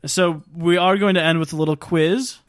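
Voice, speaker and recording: A man hosting a casual film podcast, running a quiz with relaxed, filler-heavy talk. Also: on the high side, moderate pace, no room sound, clean studio sound.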